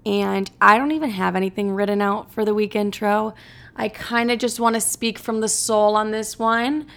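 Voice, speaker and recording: A woman's voice: medium pitch, steady tone, moderate pace, vocal fry, fairly bright tone, clean tone. A young woman in her twenties hosting a casual solo podcast from an empty apartment, talking candidly, rambling and swearing freely. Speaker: podcast host.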